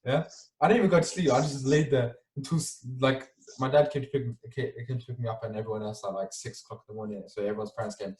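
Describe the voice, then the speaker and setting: Animated young man, distant roomy mic. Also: mid-range voice, fast talker, few pauses. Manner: animated, acts out scenes, tags lines with "yeah?". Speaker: podcast co-host. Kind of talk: casual storytelling.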